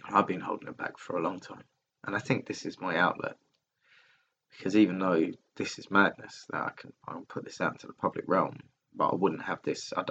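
On his own podcast, a man rambles through a casual, candid personal monologue, swearing frequently and restarting his sentences. His deep voice is gravelly with a fairly bright tone. The laptop software recording has its highs cut off and slight background noise.

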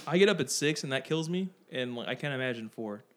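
Young male podcast host, quick, slightly high voice, storytelling, light background noise. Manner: animated storyteller, swears freely. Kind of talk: casual chat.

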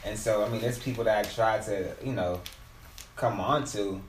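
A man's voice: fairly low pitch, normal speed, distant mic. A man chatting casually while drunk, talking loosely and laughing. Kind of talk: casual chat. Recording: roomy, off-mic, faint noise.

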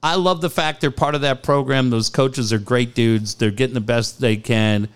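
A male radio host in his forties with a smooth, clear voice. He talks bluntly and with animation, swinging through stories and laughing along the way. His everyday register is mid-pitched. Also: steady tone, moderate pace. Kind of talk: casual sports talk and live ad reads.

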